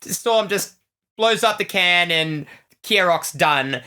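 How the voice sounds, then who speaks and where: A woman co-hosting a podcast in casual comic chat, animated and full of quick jokes. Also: on the low side, clear, resonant tone. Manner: animated, joking, quick asides. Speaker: podcast co-host.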